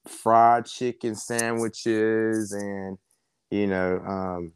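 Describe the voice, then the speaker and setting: A young man from South Georgia, a wrestling coach telling stories in a relaxed way, full of ums. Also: fairly low pitch, clear, resonant tone, no room sound, studio quality. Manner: relaxed storyteller, many fillers. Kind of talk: casual interview chat.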